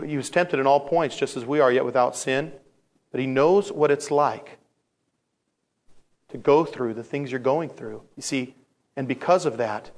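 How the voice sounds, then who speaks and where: A male pastor with a mid-range voice preaches a sermon, telling it as a lively story. He acts out different voices and repeats phrases for emphasis.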